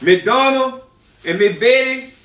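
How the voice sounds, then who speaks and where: A man's voice: extremely high pitch, takes it slowly, fairly bright tone, reverberant, distant mic. A man chatting casually on a livestream, reading out viewer names and repeating himself in loose slang.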